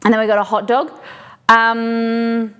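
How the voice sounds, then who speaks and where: A woman's voice: on the high side, a little slow, clear, resonant tone. A woman streaming live, chatting casually with her viewers as she looks over a collection, curious and full of questions. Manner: curious, asks many questions, excited exclamations. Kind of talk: casual unboxing chat with viewers.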